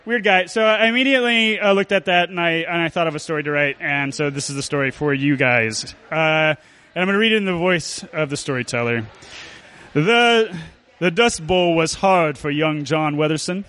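A man telling and reading a comic story at a live show, halting and full of fillers. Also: on the high side, sharp tone. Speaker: storyteller performer.

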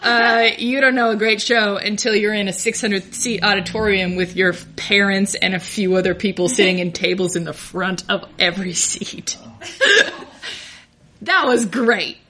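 A woman's voice: mid-range voice, fairly even intonation, normal speed, sharp tone, slight background noise. A young adult woman telling a candid, self-deprecating personal story, often laughing through her lines.

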